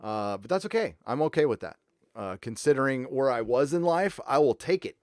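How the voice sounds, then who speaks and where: Male stream host, mid-pitched, rambling casual chat, dry close mic. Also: animated, a little fast, a little mellow, dry recording. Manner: rambling, reads donor messages aloud.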